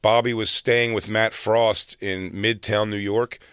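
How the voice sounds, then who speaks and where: A man's voice: lowish voice, flat delivery, a little slow, a bit bright, smooth, no echo, clean studio sound. A middle-aged man from South Jersey, a comedian telling a road story in casual chat and acting out other people's lines. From South Jersey, near Philadelphia. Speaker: comedian guest.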